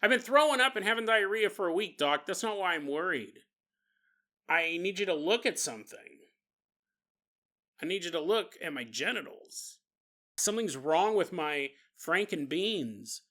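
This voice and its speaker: Man putting on a sick, whiny patient, bright-toned, pleading, comedy podcast bit. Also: high-pitched, expressive, moderate pace. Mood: miserable. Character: sick miserable man at the doctor.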